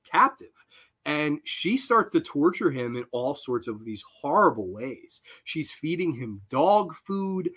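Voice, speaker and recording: Male review host, excitable, profane, laughs easily, casual delivery. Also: on the high side. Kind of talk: casual unscripted movie review.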